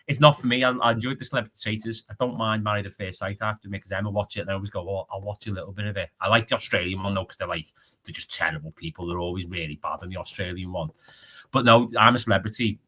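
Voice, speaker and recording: A man's voice: fairly low pitch, racing, pushed and bright. A man co-hosting a casual fan podcast, rambling in a slangy, joking way. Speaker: podcast co-host. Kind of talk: casual chat.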